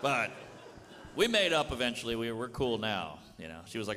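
A man's voice: mid-range voice, very animated, normal speed. A man performing a stand-up comedy set, crude and conversational, leaning on "you know". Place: comedy club stage. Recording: live stage mic, reverberant hall, loud audience. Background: audience laughter and room noise.

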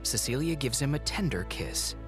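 Man, mid-pitched describer, lively reading over film music. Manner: measured, even reading. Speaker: audio describer. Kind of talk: scripted narration.

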